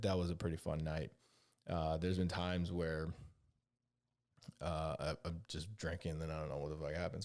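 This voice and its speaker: Low and gravelly, this podcast host recalls his Army days in rambling, profane, casual solo stories. He's a veteran from California who enlivens each tale by acting out the other people's quoted lines.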